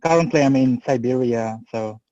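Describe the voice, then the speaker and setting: Guy on a video call, slow and halting, muffled dry sound. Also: mid-range voice, warm tone, dry recording. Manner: halting, with fillers and restarts. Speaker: researcher seeking a postdoc. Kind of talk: casual self-introduction on a video call. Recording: dry, dull lo-fi call audio.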